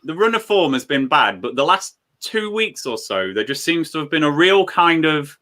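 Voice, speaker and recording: Bright-sounding guy on a football watchalong stream, animated, reads out comments. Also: fairly high pitch, moderate pace. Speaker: football fan watchalong host. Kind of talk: casual live watchalong chat.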